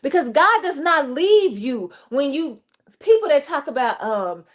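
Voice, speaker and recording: A woman reverend hosting a livestream faith talk, speaking animated and direct to her listeners. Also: sits high, measured pace. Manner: animated, addresses listeners directly, acts out quotes. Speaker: reverend and show host.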